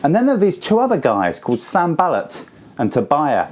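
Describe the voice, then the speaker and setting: A man in his forties giving a school assembly talk, telling a story to children in simple, lively words. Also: fairly high pitch, fairly quick. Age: 40s.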